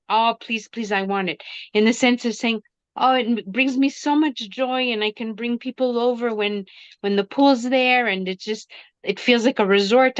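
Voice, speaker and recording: A middle-aged woman on a video call, casually telling a personal story with animated quoted dialogue. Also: fairly high pitch, clean tone, no room sound, muffled recording. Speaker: workshop participant.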